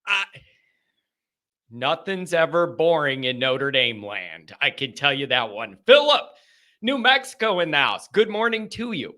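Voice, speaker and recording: A man's voice: medium pitch, big pitch swings, a little slow, pushed and bright. A man hosting a live sports call-in stream, talking casually in an emphatic, rambling way and repeating himself. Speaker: sports call-in show host.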